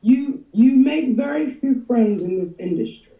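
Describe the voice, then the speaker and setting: A woman guest telling animated stories in an interview, expressive and laughing often. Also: fairly high pitch, unhurried, roomy sound, far from the mic. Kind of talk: animated storytelling.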